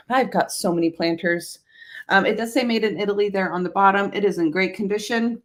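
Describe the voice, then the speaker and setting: A woman's voice: mid-range voice, roomy sound. A woman chatting casually and upbeat to viewers about her thrift finds. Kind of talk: casual haul vlog.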